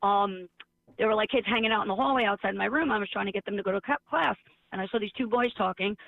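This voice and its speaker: Over a tinny, phone-like line, a teacher swaps stories in casual chat, sarcastic and animated as she voices each character's dialogue. She talks fast in a mid-range voice, and the recording is dry.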